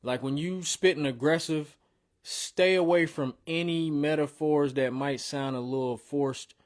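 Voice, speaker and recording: A man's voice: on the high side, measured pace. Blunt, slangy man critiquing rap verses. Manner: blunt, slangy and animated when coaching. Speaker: host reviewing song submissions. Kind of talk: casual music critique.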